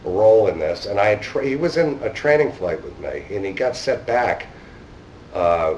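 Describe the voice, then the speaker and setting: A man's voice: fairly low pitch, lively intonation, normal speed, darkish tone, highs cut off, a little hiss or hum. A man, speaking at a conference and telling a rambling, casual story in which he acts out the dialogue. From New York. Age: 50s. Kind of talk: anecdotal storytelling talk. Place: conference hall. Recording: distant mic in a hall.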